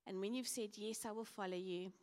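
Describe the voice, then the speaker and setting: A woman's voice: mid-range voice, steady tone, fairly quick, a little mellow. A woman preaching a sermon, telling stories animatedly and acting out the voices of the people in them. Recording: reverberant hall.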